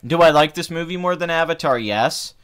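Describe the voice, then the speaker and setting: A man in his twenties who hosts a film review channel rants heatedly, with profanity, in casual livestream chat. His voice is fairly high, bright, clear, and resonant, and he talks a little fast.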